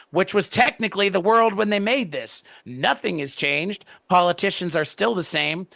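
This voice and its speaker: Man co-hosting a podcast, bright forceful voice, dry close sound, ranting, swears a lot. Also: high voice, vocal fry, no room sound. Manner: animated, profane, ranting. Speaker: podcast co-host. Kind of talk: casual chat reviewing a TV episode.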